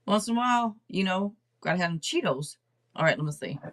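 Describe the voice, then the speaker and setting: A middle-aged woman hosting a casual livestream tarot reading, rambling and chatting out loud to herself between readings. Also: lowish voice, animated, brisk. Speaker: tarot reader and livestream host.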